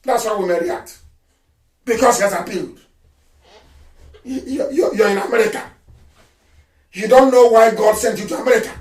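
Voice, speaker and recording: A man with a Nigerian accent giving an impassioned live radio address, fiery and mocking, often breaking into shouts. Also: very high voice. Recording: roomy and distant from the mic.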